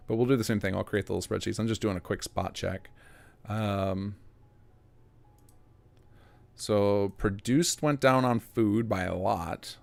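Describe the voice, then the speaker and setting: Low gravelly man thinking aloud. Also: a little slow, long pauses, no room sound. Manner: thinking aloud while working, muttering to himself. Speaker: game mod developer streaming. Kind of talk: live-streamed work commentary.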